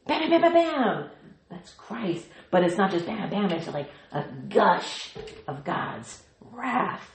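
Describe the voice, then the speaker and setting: Lively woman teaching in an echoey room. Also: mid-range voice, a little hiss or hum. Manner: playful, laughing asides and sound effects. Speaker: Bible study teacher. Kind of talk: animated Bible teaching.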